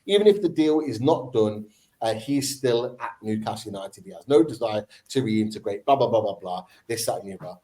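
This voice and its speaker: A man's voice: on the low side, expressive, fairly quick, mellow, rough recording. Passionate man ranting in a fan debate. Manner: passionate, ranting, repeats points for emphasis. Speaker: football podcast host.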